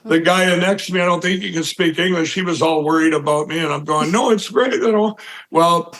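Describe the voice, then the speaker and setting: An interview guest with a fairly high, fairly even voice speaks a little fast, with a somewhat bright tone on a rough recording. He tells a long personal story in a rambling, conversational way, with lots of fillers and restarts, acting out the people he quotes.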